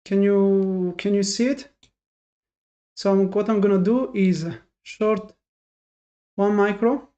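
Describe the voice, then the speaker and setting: A man's voice: high voice, fairly even intonation, slow pace, long pauses, dark tone. Frustrated man thinking aloud while trading. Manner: frustrated, self-critical, thinks aloud with restarts. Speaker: day trader streaming live. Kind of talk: live trading stream, talking to chat. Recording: dull lo-fi sound.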